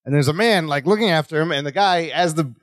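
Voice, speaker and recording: A man's voice: on the high side, quick pace, no echo, clean studio sound. A man co-hosting a podcast, chatting casually and acting out lines from an episode with frequent laughs. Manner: animated, laughs often, acts out quotes. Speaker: podcast co-host. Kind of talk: casual recap chat.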